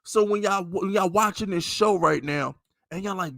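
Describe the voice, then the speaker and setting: Man with a New York accent, high-pitched voice, heated profane podcast rant, dry close sound. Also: normal speed, vocal fry, a bit bright, no room sound. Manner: heated, profane, emphatic venting. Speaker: podcast host. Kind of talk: casual sports podcast rant.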